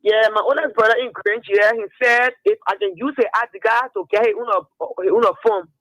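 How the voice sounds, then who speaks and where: Liberian English male caller, very high voice, insistent, dry phone sound. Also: fairly even intonation, fairly quick, fairly bright tone, no room sound, rough recording. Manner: insistent, repeats himself. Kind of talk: call-in complaint.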